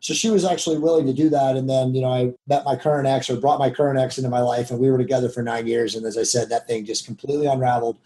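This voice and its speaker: Male entrepreneur guest; mellow, relaxed delivery; rambling and self-reflective. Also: medium pitch, rapid-fire, hardly any pauses, low-quality recording. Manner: rambling, heavy with "you know" fillers. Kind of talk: casual interview storytelling.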